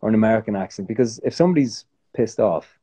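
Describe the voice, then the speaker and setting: Speaking quickly in a lowish, breathy voice, a guest actor from Ireland rambles through a casual chat. He's relaxed, often restarting and self-correcting as he goes.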